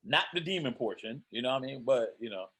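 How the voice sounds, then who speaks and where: A man's voice: mid-range voice, animated, quick pace, a bit bright, husky. A man co-hosting a casual show review, rambling with lots of "you know" fillers.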